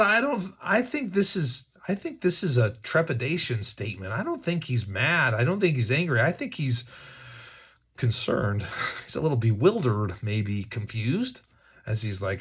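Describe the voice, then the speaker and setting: A man's voice: fairly high pitch, big pitch swings, normal speed, a bit bright, slightly rough. A man reading scripture with commentary, earnest and emphatic, often repeating words as he thinks aloud. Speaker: Bible teacher.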